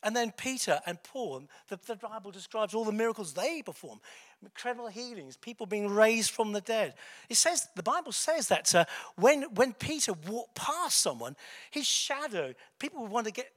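A man's voice: high voice, big pitch swings, normal speed, a bit bright. A man giving a sermon in a conversational way, with fillers, self-corrections and chuckling asides. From England. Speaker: preacher.

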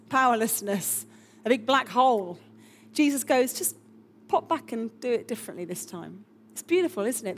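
A woman pastor preaching a lively, chatty sermon with emphatic asides. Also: on the high side, a little hiss or hum.

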